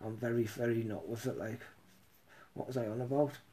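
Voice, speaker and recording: A man's voice: mid-range voice, steady tone, a little fast, noisy background. A man rambling casually on a live stream between songs, swearing and laughing often. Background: loud acoustic guitar.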